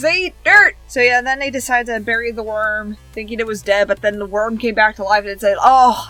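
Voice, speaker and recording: A woman's voice: fairly high pitch, pushed and bright. A woman recapping cartoon episodes in a casual, rambling way, chaining events with "and then" and "like", with giggly asides. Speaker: show reviewer.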